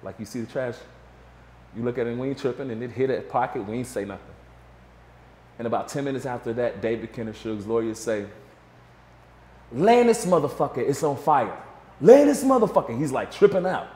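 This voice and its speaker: A man's voice: mid-range voice, fast talker, echoey room. A man guest in a casual interview, telling a story and acting out what others said. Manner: animated storyteller, acts out quotes.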